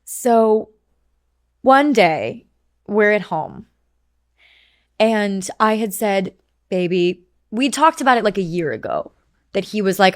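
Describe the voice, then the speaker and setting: A young woman in her twenties, a podcast guest, telling a story in a lively, animated way and swearing freely in casual chat. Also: mid-range voice, no echo, studio quality. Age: 20s.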